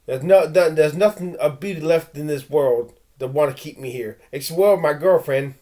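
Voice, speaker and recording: A man's voice: on the high side, normal speed, dark tone. A man vlogging a rambling personal rant, stammering and restarting, growing heated and blunt. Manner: stammering, with frequent restarts and repeated words; intense and heated, with blunt threats.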